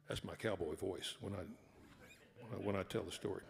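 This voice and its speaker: Gravelly-voiced man telling stories on stage. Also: deep voice, level tone, fairly quick. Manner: folksy, rambling, wry. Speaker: author and singer-songwriter. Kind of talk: storytelling between songs at a concert. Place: live concert hall with audience. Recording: long hall reverb with guitar.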